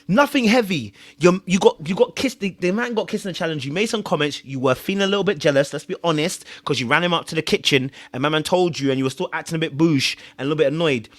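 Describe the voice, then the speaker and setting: Talking fast with hardly any pauses, this host of a reality TV review has a slightly high voice captured in a dry recording. He berates and ridicules the contestants through rhetorical questions, tripping over his words and leaning on repeated fillers.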